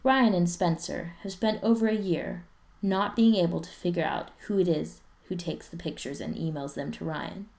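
Female audiobook narrator, lowish gravelly voice, steady even storytelling. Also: moderate pace. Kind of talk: audiobook reading of fiction.

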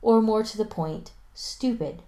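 Woman doing a yelling sarcastic teacher. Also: a little high, unhurried, voice pushed up, natural voice. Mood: exasperated. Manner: shouting, sarcastic. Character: loud exasperated female teacher.

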